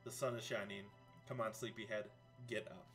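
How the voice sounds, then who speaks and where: A man's voice: lowish voice, steady tone, moderate pace, a bit bright, faint music behind, pitched below the performer's own voice. A man reading aloud a cheerful, nagging mother's lines in a video game, in a sing-song wake-up voice. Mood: cheery nagging.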